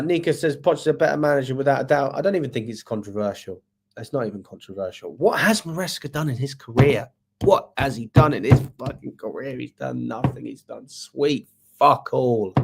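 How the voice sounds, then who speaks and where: Man, fan channel host, live match review, exasperated, swearing, rhetorical questions, mid-pitched voice. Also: gravelly. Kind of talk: live match review reading viewer comments.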